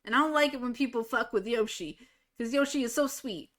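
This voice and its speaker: A woman's voice: a little high, a little fast, fairly bright tone. A woman streaming a game live, telling stories in casual chat, blunt and swearing freely. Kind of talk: casual chat while gaming.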